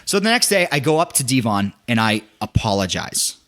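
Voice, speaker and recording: A young man tells a story in casual podcast chat, speaking briskly in a mid-range voice. He's animated, acts out quotes, and restarts himself often.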